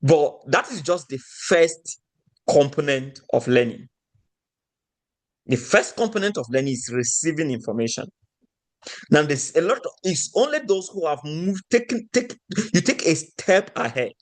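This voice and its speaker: A man's voice: fairly high pitch, lively intonation, a little slow. Man giving a teaching talk. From Nigeria. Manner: asks the audience rhetorical questions.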